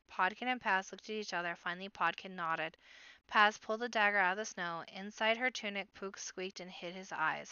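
Woman reading a kids book out loud, expressive, crisp clear voice, dry kinda dull sound. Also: medium pitch, normal speed, no room sound. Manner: expressive storybook narration. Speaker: storyteller. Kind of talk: reading a children's novel aloud.

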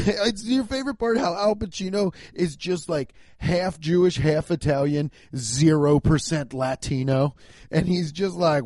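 A man's voice: a little high, measured pace, dry recording, studio quality. A man hosting a podcast, riffing in a comedic rant, swearing often and laughing as he talks. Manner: profane, laughing, animated riffing. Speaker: podcast host.

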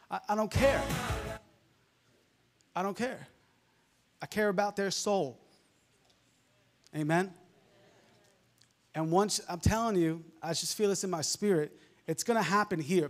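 A male preacher with a softened New York accent, delivering a fervent sermon full of amens and hallelujahs. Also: high voice. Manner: fervent, peppered with amens and laughs.

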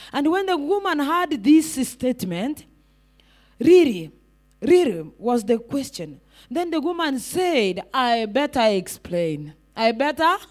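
Woman evangelist preaching, high voice, keeps asking the crowd questions. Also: a bit bright. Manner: repeats rhetorical questions and calls out to the congregation. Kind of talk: sermon.

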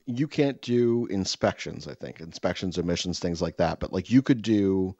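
A lower-voiced man tells a story in casual conversation, swearing freely and swinging his pitch up and down as he gets worked up. The sound is dry and a little dull, as if recorded with a muffled mic. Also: moderate pace, dry recording. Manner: profane, animated, exasperated storytelling.

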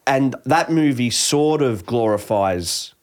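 A man's voice: mid-range voice, lively intonation, takes it slowly, a little mellow. A man in casual film talk with a friend, swearing freely and acting out lines from the movie.

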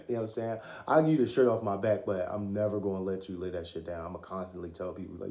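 A man's voice: fairly low pitch, a little fast, a little mellow. A young man hosting his own podcast, talking loosely and profanely about films, laughing often. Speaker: podcast host. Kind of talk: casual solo podcast talk. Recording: roomy echo.

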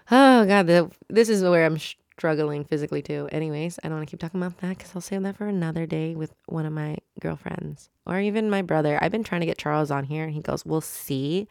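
A woman's voice: low-pitched, creaky, a little mellow, dry recording, studio quality. A woman hosting a solo podcast, rambling and chatty in a casual, self-mocking monologue. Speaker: podcast host.

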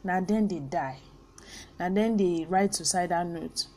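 Candid Nigerian woman with a mellow voice. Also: lowish voice, measured pace. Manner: candid, earnest, mixes in pidgin phrases. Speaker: podcast host. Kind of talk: personal podcast monologue.

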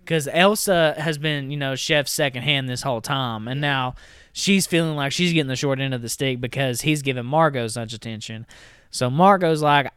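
On a movie podcast he co-hosts, a man loosely recaps a plot, peppering it with "like" and "you know" and quickly voicing quoted lines from scenes. His medium-pitched voice is bright and clear, recorded close and dry on the mic.

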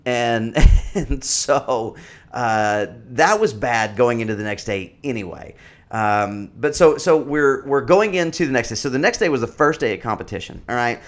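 A man in his thirties telling a personal story in a casual, rambling way, full of fillers and restarts. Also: mid-range voice. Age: 30s.

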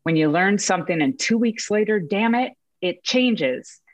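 Candid, expressive woman telling stories. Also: mid-range voice, a little slow, dry recording. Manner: expressive, candid, self-mocking, mild swearing; acts out voices in vivid quoted asides. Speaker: mother sharing a story with a group. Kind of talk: casual storytelling.

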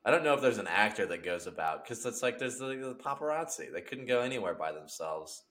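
A man's voice: fairly low pitch, big pitch swings, brisk, a bit bright. A young man in casual chat, rambling and acting out silly scenarios with lots of laughter. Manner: rambling, acts out bits, laughs a lot.

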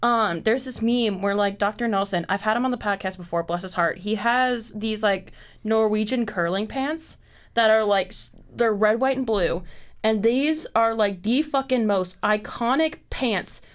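A woman's voice: mid-range voice, moderate pace. A woman in her twenties hosting a podcast in casual chat, rambling, packing in "like" and swearing freely. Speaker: podcast host.

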